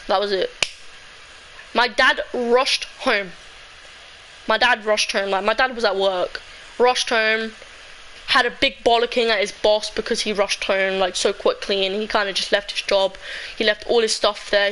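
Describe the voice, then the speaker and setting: A woman's voice: a little high, fairly even intonation, moderate pace, a bit bright, a little hiss or hum, low-quality recording. A young woman telling a personal story in a casual, emotional, rambling way, full of "like".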